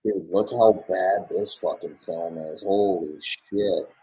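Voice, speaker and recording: A young man with a very low voice streams his reactions to football clips. He swears nonstop and talks loosely and casually to his viewers. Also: takes it slowly, warm tone, rough recording. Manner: profane, swears constantly. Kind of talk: casual live-stream commentary.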